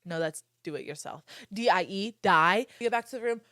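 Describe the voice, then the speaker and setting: A young woman in her twenties hosting a podcast, telling a story in casual chat, animated and swearing freely while she acts out quotes. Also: medium pitch, fairly quick, dry recording, clean studio sound. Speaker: podcast host.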